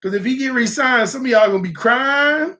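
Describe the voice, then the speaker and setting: High-voiced man hosting a sports livestream. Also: fairly quick. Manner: animated, talks straight to viewers. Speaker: sports channel host. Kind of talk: casual live-stream sports talk.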